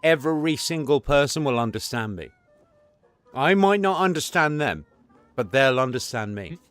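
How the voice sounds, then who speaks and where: A man's voice: medium pitch, lively intonation, moderate pace, a bit bright, clear, resonant tone, dry recording, soft background music. A man with an Estuary English accent from England, chatting casually on a podcast, rambling with lots of stumbles and restarts and some crude banter. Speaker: podcast co-host. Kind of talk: casual chat.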